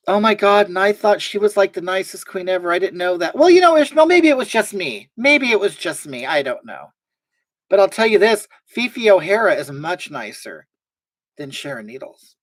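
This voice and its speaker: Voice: dry recording, low-quality recording. A drag performer hosting a casual livestream, reading viewer comments aloud and telling blunt backstage gossip. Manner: gossipy, blunt storytelling with big swings in pitch.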